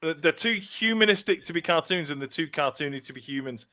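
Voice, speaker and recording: A man's voice: fairly high pitch, lively intonation, a little fast, pushed and bright. A man hosting a podcast, running the votes with wry, rambling banter. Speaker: podcast host.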